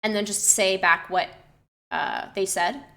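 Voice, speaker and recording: A woman's voice: medium pitch, steady tone, a little slow, gravelly, sharp tone. A young woman streamer chatting to her live chat, reflective and loose, with many fillers and restarts. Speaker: streamer and personal trainer.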